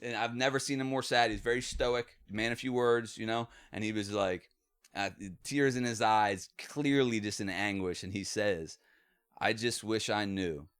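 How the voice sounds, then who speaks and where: A man telling stories in a casual podcast chat, profane and animated. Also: on the low side, normal speed, clean tone. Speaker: podcast co-host.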